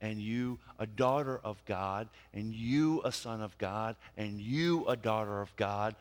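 A man preaching a sermon as pastor, speaking deliberately and repeating key phrases for emphasis. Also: lowish voice. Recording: reverberant hall.

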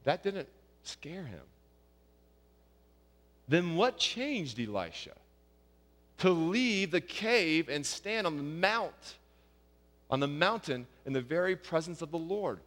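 A man preaching a sermon, rising loud and high on his questions and dropping soft and low for quiet passages. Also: sing-song, takes it slowly, long pauses, big-room sound. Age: young adult or middle-aged, a father of young kids. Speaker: pastor.

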